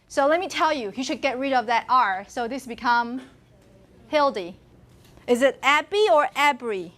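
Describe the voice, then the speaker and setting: Taiwanese woman teaching a class, high voice, chatty, asks lots of questions. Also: lively intonation, normal speed, a bit bright. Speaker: university lecturer. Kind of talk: classroom lecture.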